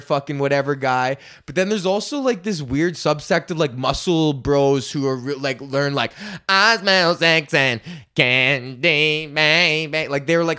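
A man's voice: medium pitch, smooth. A young man hosting his own podcast, ranting casually and swearing often as he rambles. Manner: profane, rambling, breaks into sung freestyle bits. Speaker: podcast host. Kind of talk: casual solo rant.

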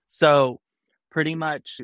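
A man's voice: a little high, fairly even intonation, slow pace, a bit bright, dry recording, clean studio sound. A young adult man, a podcast guest, telling casual stories and animatedly acting out the people he quotes. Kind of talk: casual storytelling.

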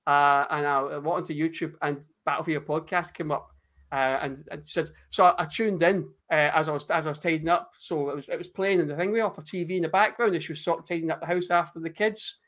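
A man co-hosting a podcast, excitable and sweary, often tripping over his words. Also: on the high side, fast talker. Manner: excitable, stumbling restarts, sweary. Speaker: podcast co-host. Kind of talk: casual chat.

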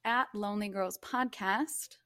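A woman's voice: medium pitch, unhurried, bright, forceful tone, no room sound. A woman co-hosting a podcast, talking in a casual, playful way. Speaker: podcast co-host. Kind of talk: casual chat.

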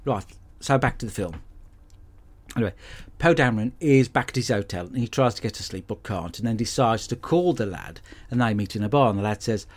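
A man's voice: on the low side, animated, a little fast, breathy edge. A middle-aged man, giving a blunt, sweary comic monologue as podcast host. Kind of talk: comic monologue with film recap.

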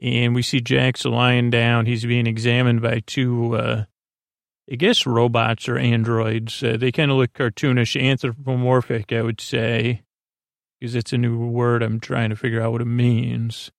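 Gravelly flat-voiced man rambling. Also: medium pitch, measured pace, no room sound, clean studio sound. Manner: meandering, many fillers and self-corrections. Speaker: podcast host. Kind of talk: rambling episode recap for sleep.

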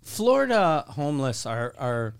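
Animated, swearing podcast co-host man. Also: mid-range voice, unhurried, gravelly, clean tone. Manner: profane, animated storytelling. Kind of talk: casual chat.

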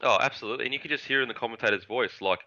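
A man's voice: medium pitch, very fast, bright, forceful tone, dull audio. A man, a former rugby league winger, rambling in casual chat and swearing now and then. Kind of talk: casual sports podcast chat.

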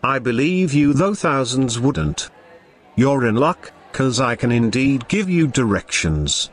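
A man's voice: medium pitch, sing-song, unhurried, husky, full character voice. A man voicing a shrewd, chatty old local man with a folksy, knowing manner.

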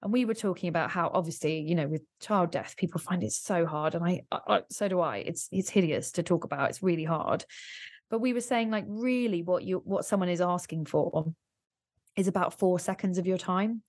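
A woman speaking in a podcast interview, lively and quick to laugh, acting out what other people say. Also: lowish voice, no room sound. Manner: animated, laughing, acts out quoted people. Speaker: podcast guest and author.

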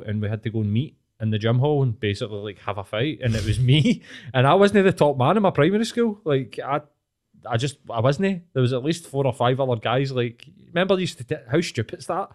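A man's voice: medium pitch, a little fast, a little mellow. A Glaswegian man in his late thirties, hosting a podcast, telling school stories in casual, sweary chat with frequent laughs. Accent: Glaswegian Scottish. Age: late 30s. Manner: sweary, storytelling, laughs often. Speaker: podcast host.

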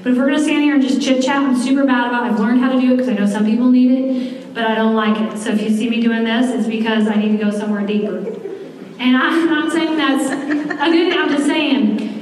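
A woman's voice: fairly high pitch, quick pace, a little mellow, slight background noise. A woman in her forties preaching a sermon, talking candidly and conversationally with personal asides. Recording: echoey hall from far off.

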